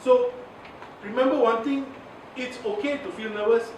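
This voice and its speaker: A man's voice: very high-pitched, sing-song, normal speed, darkish tone. A man with a Malaysian English accent giving a chatty workshop lecture, laughing often and mixing in Malay words. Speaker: media communication trainer. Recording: echoey, from far off, noisy.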